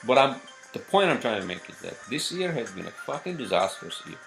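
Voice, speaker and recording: A man's voice: medium pitch, very animated, fairly quick, gravelly, a bit bright, soft background music. A man hosting a solo podcast, rambling off-script with lots of cursing, fillers and restarts. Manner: profane, meandering, lots of fillers. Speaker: podcast host.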